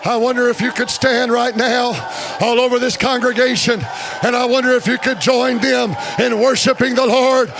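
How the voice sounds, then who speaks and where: A male preacher delivering an impassioned sermon in a church sanctuary, building to repeated shouted appeals to the congregation. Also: extremely high pitch, flat delivery, normal speed, creaky, music in the background.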